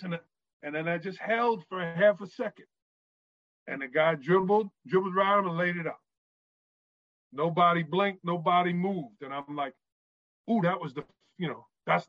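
A man from New York tells animated stories as a podcast guest, often checking in with "right?". His voice sits a bit high. The recording is dry and a little dull. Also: dry recording. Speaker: guest, author and former referee. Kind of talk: storytelling in a podcast interview.

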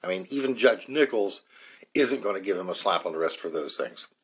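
A man's voice: deep voice, animated, fairly quick, breathy edge. A man hosting a podcast, walking listeners through a court case and reading from legal documents, with frequent restarts and fillers. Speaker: podcast host. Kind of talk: explanatory legal commentary.

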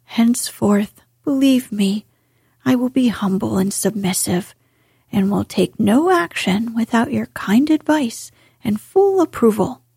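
A woman voicing a boastful but repentant male toad in a soft, breathy whisper. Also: on the high side, lively intonation, unhurried, no echo, studio quality, exaggerated voice. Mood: humble.

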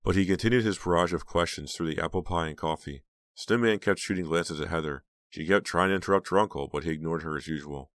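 A man reads an audiobook in a steady, measured way. His voice sits low, and the recording is dry and studio quality.

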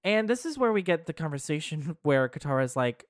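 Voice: medium pitch, lively intonation, moderate pace, no room sound, clean studio sound. A podcast co-host in casual chat, thinking aloud with hedges and restarts. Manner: thoughtful, hedging, many restarts.

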